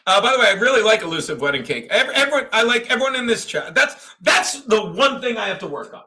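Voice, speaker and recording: A man's voice: sits high, big pitch swings, fast talker, sharp tone. A man hosting a livestream, ranting crudely and rambling, laughing often as he reads chat. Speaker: livestream host. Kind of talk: profane livestream rant and chat.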